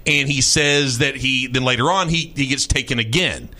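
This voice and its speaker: A man hosting a talk radio show, telling a strange story in an animated, mocking way and often repeating his words. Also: mid-range voice, normal speed. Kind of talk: casual storytelling chat.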